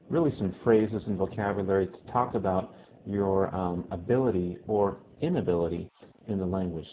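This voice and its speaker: A male Spanish teacher giving a casual video lesson who often checks in with "okay?" and repeats phrases slowly. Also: deep voice. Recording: tinny phone-like lo-fi audio with faint hiss.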